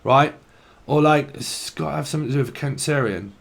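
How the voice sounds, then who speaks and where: A man's voice: medium pitch, a little fast, gravelly. A man giving a casual channelled tarot reading, rambling and free-associating, laughing often and swearing casually. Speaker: tarot reader.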